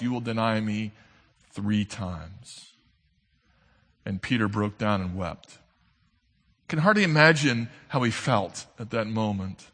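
A man preaching a sermon as an earnest storyteller, swinging between loud emphasis and soft, low asides. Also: husky. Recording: long hall reverb.

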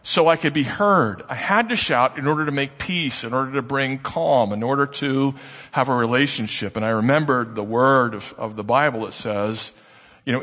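A male preacher at a mid-range pitch delivers a sermon in an earnest storytelling manner. He moves between quick narration and slow, weighty emphasis. His voice carries the long reverb of a large hall. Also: lively intonation, fairly bright tone.

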